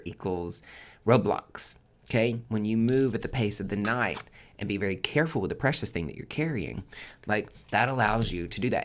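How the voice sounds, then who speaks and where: Lowish-voiced guy doing a chatty tarot reading, swears a lot, gets loud then drops to a whisper. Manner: chatty and expressive, swearing freely, swinging between loud emphasis and near-whispers. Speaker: tarot reader and podcast host. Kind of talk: casual tarot forecast monologue.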